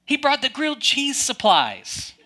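Bright-voiced man preaching a lively sermon. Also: very high-pitched, measured pace. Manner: lively, conversational, joking asides. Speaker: pastor.

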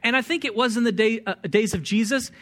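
An American man preaching a sermon in a relaxed, joking way, full of fillers and restarts. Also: extremely high pitch, fast talker. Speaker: pastor. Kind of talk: sermon with slides.

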